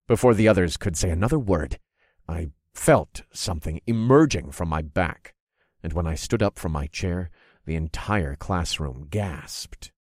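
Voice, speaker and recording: Deep-voiced man narrating a story. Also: a little slow, dry recording, clean studio sound. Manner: expressive, groaning and cursing in character. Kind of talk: first-person audiobook narration.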